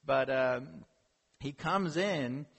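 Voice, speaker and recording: Husky preacher in an echoing hall. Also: male voice, mid-range voice, extremely slow. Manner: animated storytelling with rhetorical questions. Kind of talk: sermon. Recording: long hall reverb.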